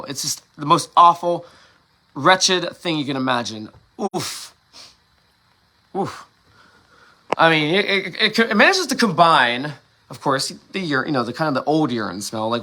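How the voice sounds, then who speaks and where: A man's voice: medium pitch, pushed and bright. A man hosting a late-night solo livestream, rambling with frequent restarts, swearing and laughing at himself. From Ohio. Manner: rambling, self-interrupting, profane and laughing. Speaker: livestream host.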